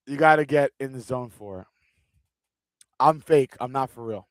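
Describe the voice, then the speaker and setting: A man's voice: mid-range voice, normal speed, dry recording. Chatty man streaming a fight watch-along. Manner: chatty and joking, with loose rambling restarts. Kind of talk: casual live-stream chat.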